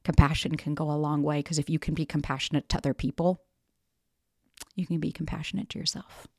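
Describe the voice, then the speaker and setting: A woman's voice: low voice, steady tone, fairly quick, slightly rough, no echo, clean studio sound. Frank, emphatic woman podcast host. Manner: frank, emphatic, swears freely. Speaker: podcast host and dating coach. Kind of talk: candid podcast monologue.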